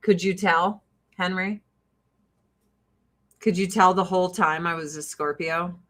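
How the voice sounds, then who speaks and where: A woman's voice: lowish voice, little pitch movement, a little slow, noisy background. A woman from the Joliet area hosting a casual livestream chat with viewers, blunt and jokey, swearing freely. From Joliet, Illinois, USA. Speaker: livestream host and beauty product seller.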